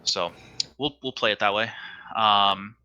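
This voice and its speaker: A man's voice: lowish voice, fairly even intonation, unhurried, bright, forceful tone, clean tone, highs cut off. A man running a tabletop game as dungeon master, explaining rules patiently with lots of "um" and "like".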